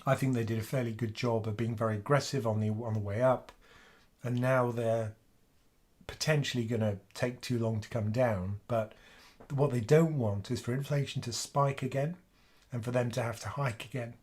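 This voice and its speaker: A man's voice: medium pitch, fairly even intonation, moderate pace, a little mellow. A man hosting a finance livestream from home, with a sore throat, talking casually and thinking aloud with fillers. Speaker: finance channel host.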